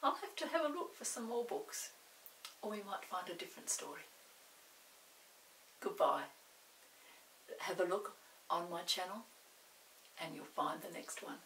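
An older woman reading a children's book aloud, expressive and animated. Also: lowish voice, a little slow, long pauses, distant mic, slight background noise, rough recording. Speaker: storyteller.

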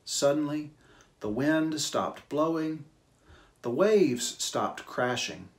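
A man leading a church service, announcing a hymn and reading a children's Bible story in a slow, gentle storytelling manner. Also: fairly high pitch, expressive.

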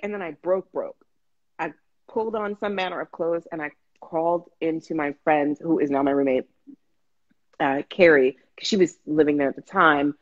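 A woman guest telling her story in casual, animated chat, with frequent restarts, over a video call. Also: sits low, a little fast, dull audio. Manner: animated, restarts, acts out quotes.

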